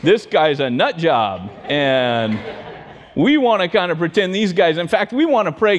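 A man preaching a sermon, telling a story in an animated way and joking with his congregation. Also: on the high side, a little slow. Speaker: pastor. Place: church sanctuary. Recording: long church hall reverb.

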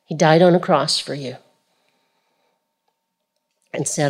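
A woman's voice: deep voice, steady tone, takes it slowly, long pauses, husky. A woman preaching a sermon, reading scripture aloud and repeating key phrases with rhetorical questions to the listeners.

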